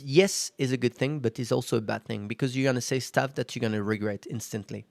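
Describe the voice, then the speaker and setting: Gravelly-voiced man hosting a solo podcast. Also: medium pitch, fast, no room sound. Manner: conversational, self-reflective, frequent fillers. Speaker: podcast host. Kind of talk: casual solo podcast monologue.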